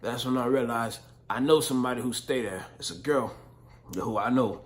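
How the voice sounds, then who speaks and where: A man's voice: medium pitch, moderate pace. A young man vlogging, telling a story in casual slang, full of profanity and "you know what I'm saying".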